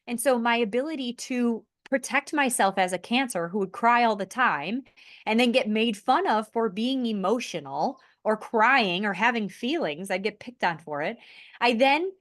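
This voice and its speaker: A woman on a podcast, speaking earnestly and from the heart about spiritual growth, often pausing to restart her thoughts. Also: fairly high pitch, dry recording, clean studio sound. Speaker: podcast host. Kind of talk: conversational podcast sharing.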